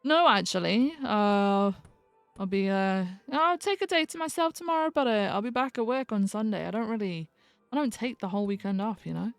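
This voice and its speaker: A woman's voice: medium pitch, animated, moderate pace, clean tone, no echo, faint music behind. A woman in casual in-character role-play chat, teasing and laughing often, with trailing fillers. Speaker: police lieutenant role-player.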